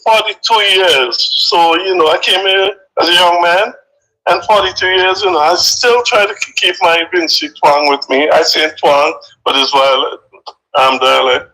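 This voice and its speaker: An older man from St. Vincent with a Vincentian accent softened by decades in the US, calling into a live chat and speaking haltingly, often repeating himself. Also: high-pitched, fairly even intonation. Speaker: caller. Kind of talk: casual phone-in chat. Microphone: phone. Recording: tinny phone line.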